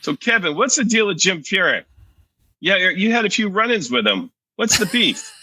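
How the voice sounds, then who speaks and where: A man hosts a relaxed podcast interview and nudges his guest along with playful questions. His voice is very bright and sits fairly high, and his pitch swings a lot. The recording is dry and close. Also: moderate pace, no room sound, rough recording. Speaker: podcast host. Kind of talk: casual interview chat.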